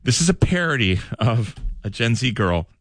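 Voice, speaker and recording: A male radio host chatting casually in the studio and telling stories in an animated way. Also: medium pitch, moderate pace, no echo. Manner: animated storyteller, acts out quotes.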